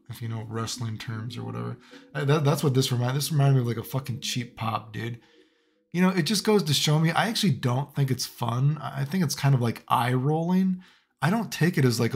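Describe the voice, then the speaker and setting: A man's voice: medium pitch, vocal fry. A man giving casual, profane, rambling commentary as a fighting game streamer. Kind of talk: ranting commentary.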